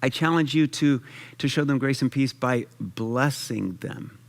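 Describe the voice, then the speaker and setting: A man's voice: mid-range voice, a little slow. Man preaching a conversational sermon. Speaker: pastor. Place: church.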